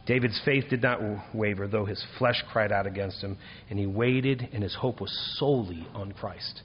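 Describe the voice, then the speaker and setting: A man's voice: highs cut off, a little hiss or hum. Preaching man in a reverberant hall. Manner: rises to emphatic, higher-pitched preaching on key points. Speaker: pastor. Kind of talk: sermon.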